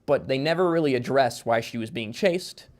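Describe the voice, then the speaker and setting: A man speaking as a guest author in a casual podcast conversation. His pitch sits in the ordinary middle range. He rambles and restarts, padding his explanations with fillers. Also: animated, normal speed.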